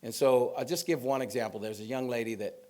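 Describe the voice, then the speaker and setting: A man's voice: mid-range voice, fast talker, dark tone. A middle-aged man from Sacramento, a police chief, telling personal stories in an informal, conversational speech to an audience. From Sacramento, California. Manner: storytelling, conversational with fillers and asides. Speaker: police chief giving a talk.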